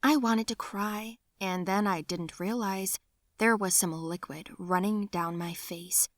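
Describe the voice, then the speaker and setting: A young woman narrating her own animated story in the first person, acting out her cries with strong emotion. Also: medium pitch, a little slow, no echo.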